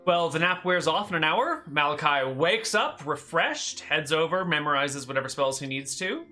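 A man's voice: a little high, sing-song, moderate pace, sharp tone, soft background music. A man narrating as game master of a tabletop role-playing game, playful and chatty.

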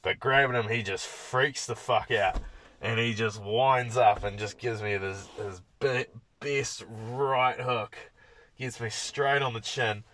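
A man's voice: mid-range voice, fairly even intonation, slow pace, a bit bright. A young man hosting a podcast, telling rambling stories in casual talk full of swearing. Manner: profane, rambling storyteller. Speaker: podcast host. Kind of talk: casual monologue.

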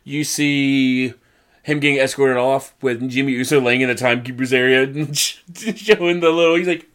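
A man co-hosting a casual wrestling recap, retelling matches and slipping into quick impressions of the wrestlers. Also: mid-range voice. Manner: animated, mimics wrestlers in quick put-on voices. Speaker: podcast co-host.

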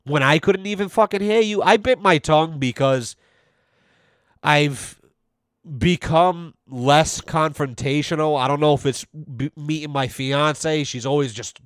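A man's voice: a little high, unhurried, smooth, no room sound, studio quality. A man hosting a podcast, telling a long profane story in a rambling way and acting out the people in it. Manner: profane, rambling, acts out quoted voices. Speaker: podcast host. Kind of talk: casual storytelling rant.

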